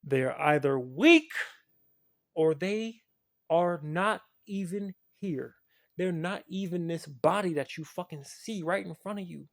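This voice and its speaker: A spiritual video creator delivering an impassioned, profane rant to the camera. The delivery swings from low muttering to shouting. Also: slow, creaky.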